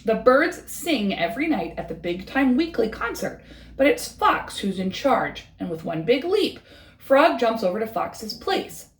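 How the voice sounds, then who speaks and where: A woman reading a bedtime story aloud with a rhythmic, expressive delivery. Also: fairly high pitch, a little slow, echoey room, slight background noise.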